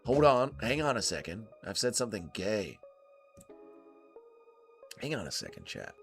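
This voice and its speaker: A man's voice: fairly low pitch, huge pitch swings, moderate pace, vocal fry, soft background music. A man hosting a fight watch-along stream, swearing a lot and bantering with his chat. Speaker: livestream host.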